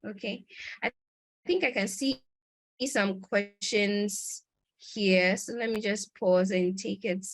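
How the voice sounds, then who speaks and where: A woman's voice: medium pitch, steady tone, slow, pauses often. Woman, conference presenter, conversational lecture, video call. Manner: conversational, with fillers and restarts.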